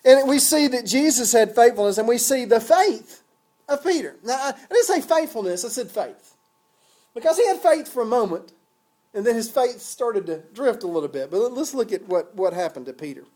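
A man's voice: extremely high pitch, expressive, normal speed, a little mellow. A man preaching a sermon in a conversational, folksy way, with chuckles and casual asides.

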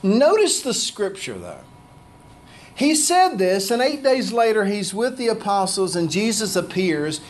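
A man's voice: high voice, wildly swooping pitch, unhurried. A man preaching a conversational sermon, acting out the scripture voices he quotes. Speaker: pastor.

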